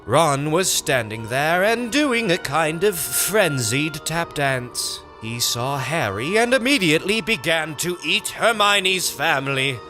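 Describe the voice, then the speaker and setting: Slow, animated male audiobook narrator. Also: fairly high pitch, over music. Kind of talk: deadpan reading of a comic nonsense story.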